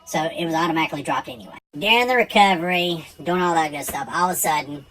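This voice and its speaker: A man's voice: on the high side, quick pace, bright, forceful tone, low-quality recording. A man telling a true personal story in a casual, blunt and profane way.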